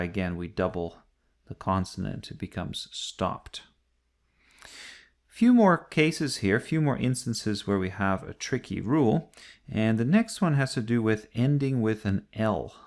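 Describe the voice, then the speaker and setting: A man's voice: fairly low pitch, animated, unhurried. A man teaching an English grammar lesson, explaining patiently step by step and repeating key points.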